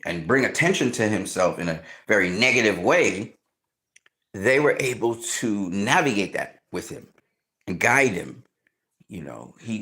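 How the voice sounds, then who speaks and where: A man in casual film commentary, excitedly retelling movie scenes, swearing often and acting out reactions. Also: on the low side.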